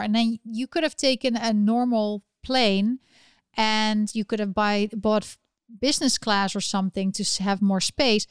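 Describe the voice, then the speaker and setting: Chatty woman with a smooth, higher voice. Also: dry recording, clean studio sound. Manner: chatty, opinionated, with frequent restarts. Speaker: live chat host. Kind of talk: casual livestream chat.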